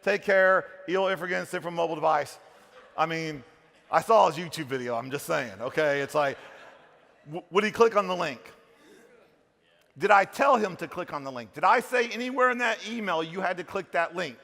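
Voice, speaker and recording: Middle-aged male keynote speaker, gravelly bright voice, big hall reverb, jokey and loud. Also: on the high side, normal speed. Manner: energetic, jokey, swings from hushed asides to shouting. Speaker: conference speaker. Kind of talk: animated conference keynote. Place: large conference hall.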